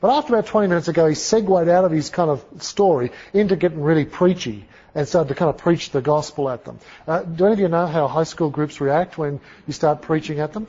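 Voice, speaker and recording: A man giving an animated, conversational storytelling sermon with asides to his audience. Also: a little high, quick pace, few pauses, husky. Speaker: speaker. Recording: dull lo-fi recording.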